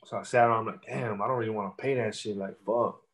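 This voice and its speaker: A man's voice: on the low side, fairly even intonation, fast, a little hiss or hum. A man, a rapper telling stories loosely with lots of swearing and fillers. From Texas. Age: 30s. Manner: loose, profane storytelling with many fillers. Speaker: rapper guest. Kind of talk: casual interview.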